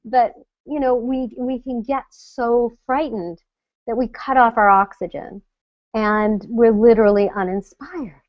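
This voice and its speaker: Middle-aged female coach, animated teaching talk, dry muffled webcam audio. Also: a little high, measured pace, dry recording. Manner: animated, acts out scared inner voices. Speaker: confidence coach hosting a live web session. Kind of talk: coaching talk to an online audience.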